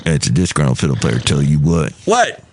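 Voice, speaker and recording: A man voicing a grumpy, low-voiced fiddle player who grumbles in a folksy way. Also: huge pitch swings, brisk, a little hiss or hum, heavily acted. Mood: grumbling.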